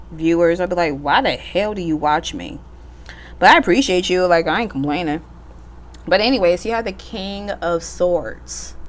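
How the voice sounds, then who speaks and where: A woman giving a casual pick-a-card tarot reading, chatty and slangy, joking about herself and swearing offhandedly. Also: lowish voice. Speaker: tarot reader.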